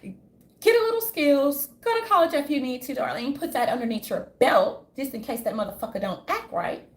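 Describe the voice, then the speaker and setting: A woman's voice: sits high, expressive, moderate pace. A woman voicing a condescending rich suburban housewife who keeps calling people "darling" in a syrupy, patronizing way.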